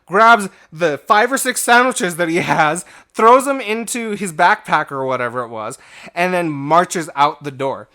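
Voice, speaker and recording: A man's voice: high voice, expressive, a little slow, sharp tone. A young man co-hosting a podcast, telling a rambling work story in casual chat and acting out the other people's lines. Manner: rambling anecdote with acted-out quotes and laughter. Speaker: podcast co-host.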